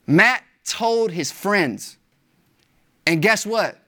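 A pastor preaches with lively, emphatic energy. The talk stays casual and slangy, and the pitch swings up high to stress key words. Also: drawn-out words. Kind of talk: sermon.

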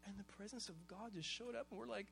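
A high-pitched male pastor from Hawaii delivers a sermon in a loose, conversational manner, telling stories with casual slang. A faint hum runs under the recording. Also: fairly even intonation, quick pace, vocal fry, bright, forceful tone.

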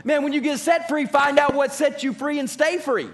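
A man's voice: very high voice, fairly even intonation, normal speed, vocal fry. A man preaching a sermon as pastor, emphatic and repeating his key phrases.

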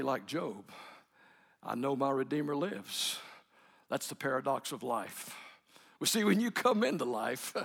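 Male preacher, folksy sermon, laughs a lot, gravelly voice, reverberant hall. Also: mid-range voice, fairly bright tone. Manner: folksy and joking, often laughing, acts out quotes. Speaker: pastor.

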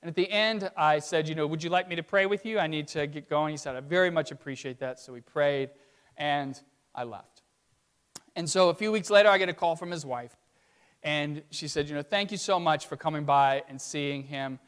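A man's voice: a little high, normal speed, fairly bright tone, smooth. A middle-aged man from Virginia, a pastor preaching a sermon in a conversational, storytelling way, often checking in with his listeners. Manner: conversational storytelling with tag questions.

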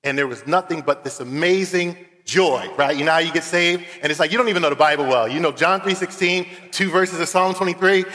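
A man's voice: on the high side, a bit bright. A man from Philadelphia preaching a sermon as a guest preacher, earnest and conversational, with casual fillers as he tells stories. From Philadelphia, USA. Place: church sanctuary. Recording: long church hall reverb.

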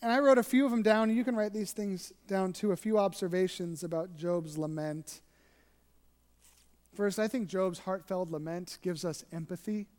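A pastor preaching an earnest sermon, shifting between emphatic and hushed delivery. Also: medium pitch, fairly even intonation, moderate pace, big-room sound.

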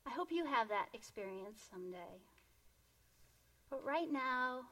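Female storyteller and reflection guide; slow, gentle, softly hushed delivery, slightly high voice. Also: expressive. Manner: gentle, unhurried, often dropping to a soft hush.

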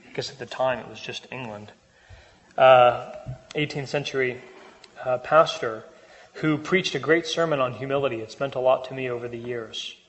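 A man's voice: medium pitch, moderate pace, fairly bright tone, long reverb tail, rough recording. A man preaching a sermon, talking to the congregation in a conversational way and asking them rhetorical questions. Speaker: pastor.

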